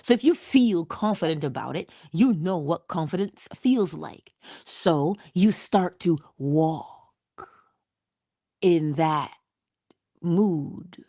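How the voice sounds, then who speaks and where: A middle-aged woman delivers a motivational morning talk in a low, gravelly voice. She speaks slowly and deliberately, posing rhetorical questions and answering them herself. The sound is close and dry. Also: animated, dark tone, no echo. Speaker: inspirational speaker.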